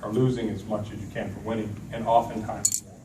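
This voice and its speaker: A middle-aged man with a lowish voice speaks fast as he delivers an animated motivational storytelling talk, acting out quotes from his characters before a conference audience. It's recorded in a big echoey hall on a distant, noisy mic.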